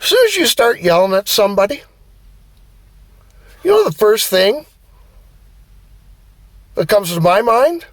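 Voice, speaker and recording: A man's voice: sits high, unhurried, pauses often, no echo. A man giving a blunt, profane motivational rant as a vlogger. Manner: blunt, heavy swearing, animated. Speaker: vlogger and driver.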